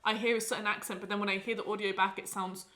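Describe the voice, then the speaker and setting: A woman's voice: mid-range voice, fast. A woman from England chatting as a podcast guest, telling her stories with lots of fillers. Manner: animated storytelling, many fillers. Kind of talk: casual chat.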